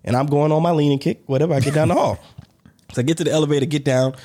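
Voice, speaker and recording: A man co-hosting a casual podcast, telling a story with lively pitch swings and acted-out quotes. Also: very fast. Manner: animated storyteller, acts out quoted voices, laughs between lines. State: on crutches. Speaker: podcast co-host.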